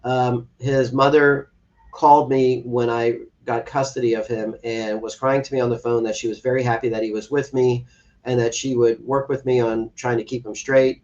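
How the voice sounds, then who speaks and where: A man's voice: medium pitch, little pitch movement, moderate pace, darkish tone. A man speaking as a guest in an interview, telling an earnest personal story and acting out quoted dialogue. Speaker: podcast guest, adoptive father. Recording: distant, slightly dull podcast audio.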